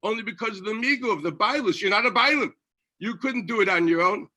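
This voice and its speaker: A man teaching a yeshiva Talmud class as a rabbi, animated, firing off rhetorical questions and often restarting his sentences. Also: sits high, fast talker.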